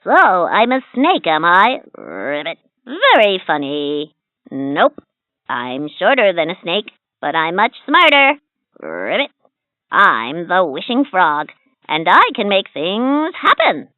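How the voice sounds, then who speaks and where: A croaking, teasing wishing frog, talking slowly with a lively, bobbing pitch. She sounds friendly and a little sly, like a storybook helper. The audio is thin and tinny, as from a small toy speaker. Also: no room sound. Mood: playful. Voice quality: croaks "ribbit" between lines. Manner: slow, teasing, storybook delivery.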